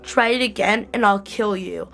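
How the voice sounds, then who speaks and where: A woman's voice: medium pitch, steady tone, moderate pace, bright, forceful tone, close to an everyday voice. A young woman doing a fierce pregnant woman laying down threats. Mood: menacing.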